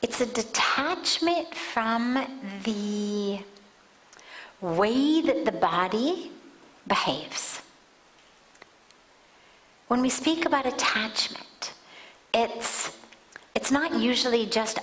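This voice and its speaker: A woman spiritual teacher giving a deliberate discourse in a satsang hall, often dropping to soft near-whispers. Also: a little high, animated. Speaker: spiritual teacher answering questions.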